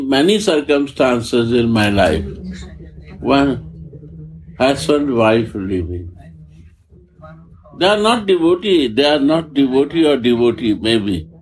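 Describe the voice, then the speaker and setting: A man giving a spiritual discourse in halting, repetitive English, often restarting his phrases. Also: mid-range voice, slight background noise, rough recording. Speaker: spiritual teacher.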